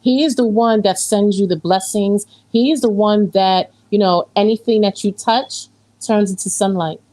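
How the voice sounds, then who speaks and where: A woman's voice: medium pitch, moderate pace, dark tone, rough recording. A woman reading tarot, giving a psychic reading in a reassuring way and repeating phrases for emphasis. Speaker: tarot reader.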